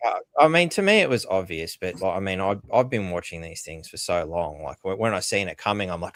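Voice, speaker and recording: An Australian man hosting a casual podcast chat, talking in an incredulous, animated way and swearing freely. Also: sits low, brisk, no echo, clean studio sound. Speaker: podcast host.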